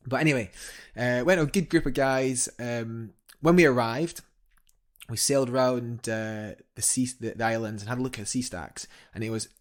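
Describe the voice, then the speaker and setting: A man's voice: medium pitch, moderate pace. A young man, a guest climber, telling a story eagerly in a casual interview, rambling with fillers and restarts.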